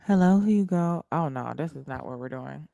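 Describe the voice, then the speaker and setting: A woman's voice: low voice, lively intonation, normal speed, creaky, dark tone, no room sound, muffled recording. A woman, livestreaming and chatting bluntly and mockingly to her viewers. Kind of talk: casual livestream chat.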